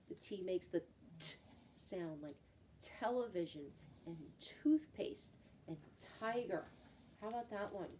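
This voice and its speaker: A patient woman leads a children's phonics lesson, drawing out each example word slowly. Her voice is mellow and soft, picked up from a little way off the mic. A faint hiss sits underneath. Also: mid-range voice. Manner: slow, patient, drawn-out example words. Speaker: teacher. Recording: voice from a distance, faint background noise.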